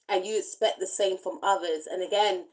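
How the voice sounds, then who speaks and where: Soft-spoken woman giving a tarot reading. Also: fairly low pitch, steady tone, brisk, poor audio. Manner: gentle, reflective, speaks in loose repeating phrases. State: briefly emotional. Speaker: tarot reader.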